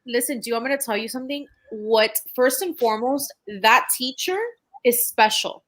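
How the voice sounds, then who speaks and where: Woman on a podcast making her points one by one, bright sharp voice, kinda high. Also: fairly even intonation, normal speed. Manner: emphatic, lays out points one by one. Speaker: podcast co-host. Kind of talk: casual chat.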